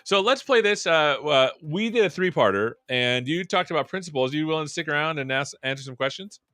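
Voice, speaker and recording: Chatty, lively man hosting a stream. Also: a little high, brisk, dry recording, studio quality. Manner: loose, joking, chatty with fillers. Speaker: show host. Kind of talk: casual live-stream chat.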